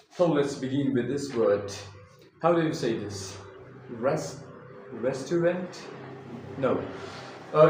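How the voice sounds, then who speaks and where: A man's voice: mid-range voice, a little mellow, recorded from a distance. Man, pronunciation lesson, repeats words, echoey room, faint background hiss. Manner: repeats each word several times, drilling. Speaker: English pronunciation teacher. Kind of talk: slow, deliberate pronunciation lesson.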